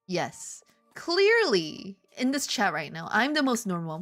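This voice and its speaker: A woman's voice: mid-range voice, wildly swooping pitch, measured pace, hardly any pauses, a bit bright, soft background music. A woman streaming casually while she draws, playful and rambling, with theatrical outbursts. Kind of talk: casual live-stream chat while drawing.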